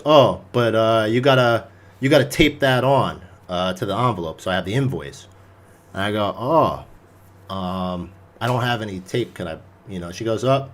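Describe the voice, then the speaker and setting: A young man, a podcast host, telling a story in casual chat, animated and full of swearing. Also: fairly low pitch.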